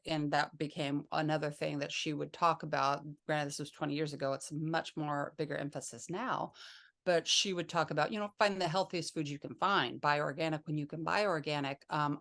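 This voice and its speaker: Low-voiced woman, hesitant interview guest. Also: a bit bright. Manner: rambling, hesitant, many restarts and fillers. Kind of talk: conversational interview.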